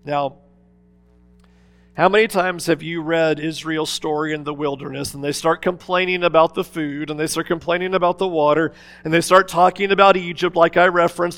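A man preaching a sermon as pastor, swinging between loud, urgent appeals and hushed, quiet asides. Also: a little high, fairly even intonation, normal speed.

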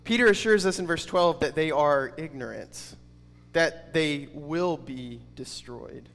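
A man's voice: a little high, a bit bright. Man teaching a Bible lesson in a hall. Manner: conversational, uses rhetorical questions and casual fillers.

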